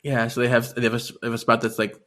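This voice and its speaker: Bright-voiced man recapping a book. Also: mid-range voice, very fast. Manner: animated retelling, acts out characters' lines with laughs. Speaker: podcast co-host. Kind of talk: casual book-recap chat.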